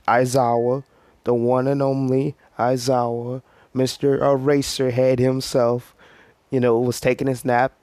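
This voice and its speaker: A man's voice: mid-range voice, darkish tone, dry recording. A man casually telling a made-up story, rambling with lots of fillers. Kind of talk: casual fan-fiction storytelling.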